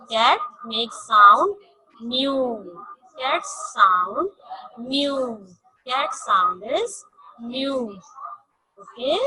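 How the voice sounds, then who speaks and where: A woman teaching a science lesson to young children, repeating each point slowly and stressing key words, in English with non-native grammar. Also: sits high, sharp tone, slight background noise, poor audio. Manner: slow, repetitive, emphatic teaching.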